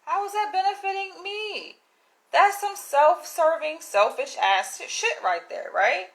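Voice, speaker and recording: A woman's voice: very high voice, a little slow, gravelly, low-quality recording. A woman vlogger ranting bluntly and with exasperation to her audience, swearing as she reads emails aloud. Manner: exasperated, blunt and animated, with profanity. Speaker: YouTuber. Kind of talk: casual vlog rant.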